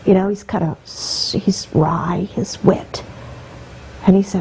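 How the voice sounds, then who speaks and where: A woman's voice: mid-range voice, fairly even intonation, takes it slowly, warm tone, slight background noise, low-quality recording. A woman guest telling an emotional personal story, her voice rising and catching with feeling. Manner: heartfelt, voice rising and breaking with emotion.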